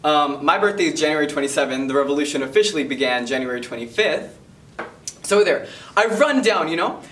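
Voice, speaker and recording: A man's voice: fairly high pitch, expressive, fairly quick, a bit bright. A teenage boy casually telling a personal story, chatty and full of filler words. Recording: roomy sound from a distant mic, faint noise.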